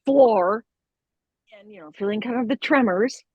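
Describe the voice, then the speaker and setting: A middle-aged woman guest telling a story in a casual, animated way, with lots of laughs and fillers. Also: a little high, slow pace, slightly rough, no echo, narrow, tinny audio. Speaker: voice actor guest.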